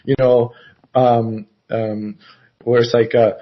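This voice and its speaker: A man rambles over a video call, halting and restarting as he goes. His voice stays flat and even, with little rise or fall. The audio is dull and lo-fi. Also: medium pitch. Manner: meandering, halting, many fillers and restarts. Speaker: caller. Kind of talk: rambling casual chat.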